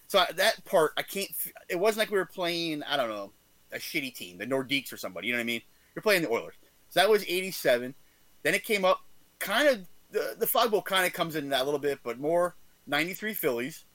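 A man's voice: fairly high pitch, fast, dry recording, poor audio. A man co-hosting a casual sports podcast, rambling and correcting himself as he recalls old games. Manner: animated, rambling, self-correcting. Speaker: podcast co-host.

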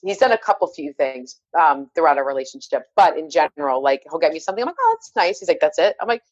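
A middle-aged woman in casual chat, lively and acting out quotes. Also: low-pitched, fast, slightly rough, dry recording, muffled recording. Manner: chatty, full of "like", animated quotes.

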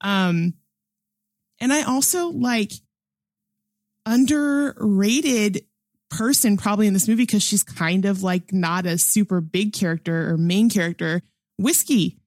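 A young adult woman on a film discussion panel chats casually about a movie, enthusiastic, laughing often, and full of fillers. She speaks a little slowly in a mid-range, darkish voice, captured at studio quality with no room sound.

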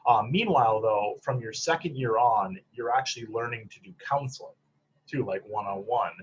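A man from the Upper Peninsula of Michigan, a psychologist, is interviewed casually and tells stories at a moderate pace in a medium pitch. He's chatty, packs in fillers, and laughs at his own stories. The lo-fi recording is dull, with slight background noise.

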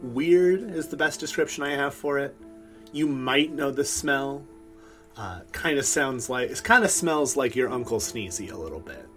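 A man runs a tabletop game and narrates the scene in a relaxed, mid-pitched voice. He talks loosely and leans on casual fillers. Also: normal speed, faint music behind. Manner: laid-back, loose, filler-heavy. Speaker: game master.

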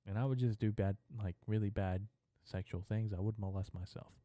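Brief: young male podcast host, crude rambling comedic monologue, low-pitched and dry close sound. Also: fairly even intonation, normal speed, dark tone, dry recording. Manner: profane, rambling, stream-of-consciousness.

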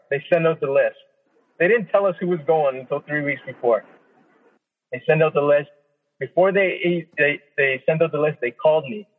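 A man from Canada, a professional boxer, telling his story in a casual interview, swearing often and acting out his own thoughts. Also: a little high. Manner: profane, animated storytelling with quoted inner speech. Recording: tinny phone-line audio with long reverb.

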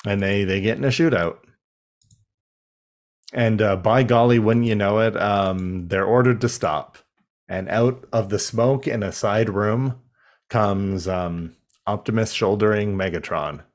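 A man's voice: on the low side, a little slow. A young man co-hosting a casual chat, who talks loosely, laughs often and swears.

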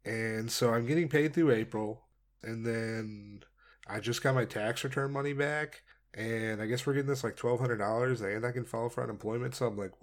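A man's voice: mid-range voice, fairly even intonation, moderate pace. A young man telling stories on a casual solo podcast, rambling and laid-back, with many fillers, laughs and swearing. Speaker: podcast host.

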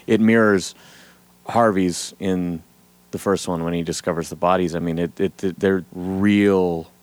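A man co-hosts a comic book podcast in a low, unhurried voice with fairly even intonation. His casual chat is enthusiastic and full of frequent restarts.

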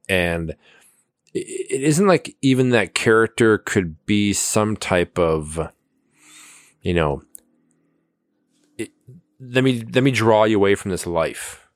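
Deep-voiced agreeable podcast co-host. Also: male voice, expressive, slow, long pauses, no echo, clean studio sound. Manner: agreeable, chimes in with frequent yeses. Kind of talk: casual movie review chat.

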